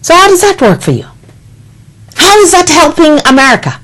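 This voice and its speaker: A woman's voice: extremely high pitch, sing-song, moderate pace, a bit bright, rough recording. A woman delivering an impassioned political monologue, indignant and scolding, with emphatic repetition. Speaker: political commentator.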